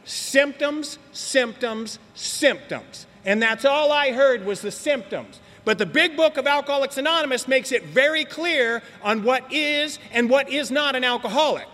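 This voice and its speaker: An older man gives a blunt, emphatic personal testimony at a recovery meeting, repeating words for effect. His voice is high, pushed and bright, and the meeting hall adds a long reverb.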